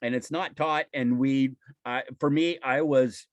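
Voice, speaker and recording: An American man giving a casual webinar talk, halting, with many fillers, restarts and soft laughs, through a computer mic on a video call. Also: mid-range voice, fairly even intonation, no echo. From United States.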